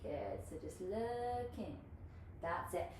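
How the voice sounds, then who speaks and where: A woman's voice: mid-range voice, animated, slow, a little mellow. A woman teaching an online hula hoop class, chatty and encouraging, swearing casually and laughing often. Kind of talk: live online class coaching. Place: home room, online class. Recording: echoey room, far from the mic, faint hiss.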